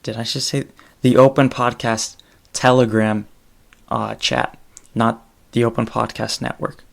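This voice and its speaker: A man hosting his own solo podcast, talking in a rambling, halting way with many fillers. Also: mid-range voice, fairly even intonation, vocal fry. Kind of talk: casual solo podcast monologue.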